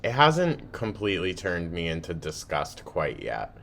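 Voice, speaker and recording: A man's voice: sits low, wildly swooping pitch, a little slow, vocal fry, a bit bright. A man hosting a reaction video, talking casually, swearing and laughing often as he comments.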